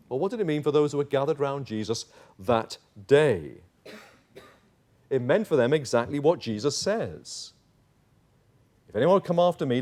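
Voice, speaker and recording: A man's voice: mid-range voice, a little mellow. A male pastor preaching a sermon in church, emphatic and acting out little dialogues.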